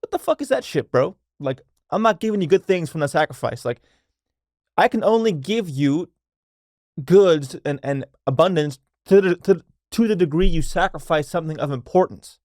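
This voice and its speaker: A man's voice: a little high, animated, normal speed, a little mellow, dry recording, studio quality. A man voicing a blunt, profane God who talks like a casual dude and brushes off a poor offering. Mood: dismissive. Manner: crude, slangy, dismissive.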